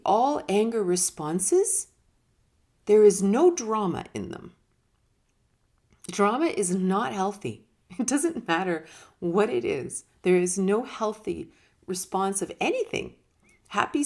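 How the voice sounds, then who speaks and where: A woman with a gravelly, fry-touched voice talks through ideas in a relaxed, conversational teaching manner. She leans on words for emphasis and slips into little acted-out quotes along the way. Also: medium pitch. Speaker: speaker on personal growth. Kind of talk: casual spoken teaching talk.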